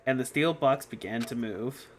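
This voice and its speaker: A man's voice: medium pitch, normal speed, background noise. A man streaming a game, narrating the story and reading chat aloud, stumbling over words now and then. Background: game music.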